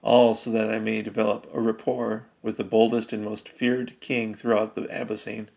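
A man voicing a bald, aristocratic wizard who makes persuasive, measured offers in a dark fantasy tale. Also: lowish voice, little pitch movement, vocal fry, poor audio. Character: aristocratic bald wizard, smooth-talking schemer.

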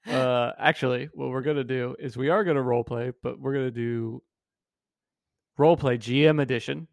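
A goofy, upbeat man co-hosting a casual sports podcast, eager to play along with silly bits. His voice has a gravelly, fry-laden texture. The sound is close and dry. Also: medium pitch, steady tone, normal speed, no room sound. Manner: playful, goofy, pushes bits. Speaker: podcast co-host.

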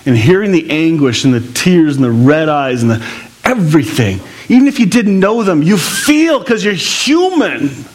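A male pastor preaching a sermon in a conversational way, with asides and laughter. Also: mid-range voice.

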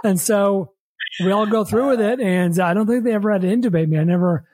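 Husky-voiced man telling a story. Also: sits high, darkish tone. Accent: American. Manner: rambling, repeats words, quotes people in quick asides. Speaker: podcast host. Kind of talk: casual storytelling.

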